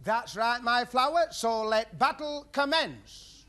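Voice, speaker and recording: A man hosts a TV game show in a studio before a live audience, joking chummily and calling everyone "love" and "flower." His very high voice is pushed and bright, with lively intonation and a slow pace. The old broadcast tape carries hiss and the studio audience's sounds.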